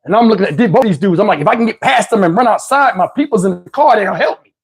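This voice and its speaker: A man with a husky, slightly rough voice spins a casual personal story straight to his audience. His delivery is loose, streetwise and peppered with profanity, like talking to friends. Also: high voice, animated, quick pace. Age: adult, looking back on his youth. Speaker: channel host telling a personal story.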